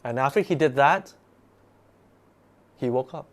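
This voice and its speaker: Animated man telling a spooky story. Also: mid-range voice, a little slow. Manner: animated, repeats words while telling. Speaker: guest storyteller. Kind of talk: casual spoken ghost story.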